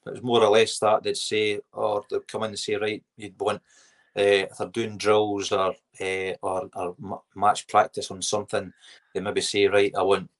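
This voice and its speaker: A middle-aged Scottish man, a former footballer, telling lively anecdotes as a podcast guest, giggling and putting on voices. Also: fairly low pitch, moderate pace. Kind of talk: casual storytelling interview.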